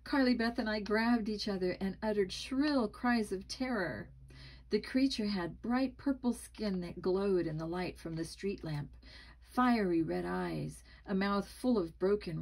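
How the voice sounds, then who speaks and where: A woman reading a spooky children's book aloud, expressive and dramatic, with small slips. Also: medium pitch, creaky, poor audio. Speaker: storybook reader.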